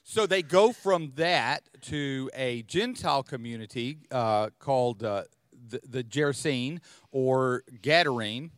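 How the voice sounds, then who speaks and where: A man hosting a podcast, explaining Bible passages in a relaxed way and thinking aloud as he goes. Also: mid-range voice, measured pace, no echo. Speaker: podcast host teaching the Bible. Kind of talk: conversational Bible teaching.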